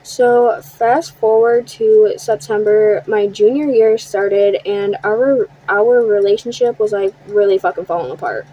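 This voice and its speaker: A woman's voice: mid-range voice, dark tone, muffled recording. Blunt, profane young woman telling a story. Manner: blunt and profane, quotes others in quick asides. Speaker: storytime vlogger. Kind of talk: casual storytime.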